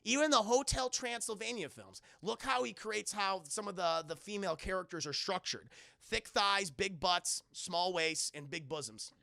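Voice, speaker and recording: A man's voice: high-pitched, lively intonation, moderate pace, gravelly, sharp tone, dry recording, clean studio sound. A man reviewing a cartoon on a live stream, swearing a lot and rambling as he talks straight to his chat. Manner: profane, rambling, keeps addressing chat. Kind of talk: casual live-stream commentary.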